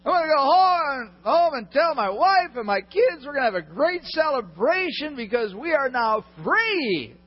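A preacher acting out an overjoyed freed servant. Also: male voice, very high voice, normal speed, hardly any pauses, voice pushed up. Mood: elated. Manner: excited, exclaiming. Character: overjoyed freed servant man, giddy with relief. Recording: echoey hall, dull lo-fi sound.

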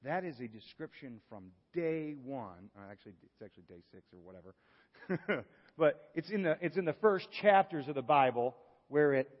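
Male pastor, fairly high voice, preaching with animated swings from hush to exclaim; long reverb, muffled hall recording. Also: moderate pace. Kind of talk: sermon.

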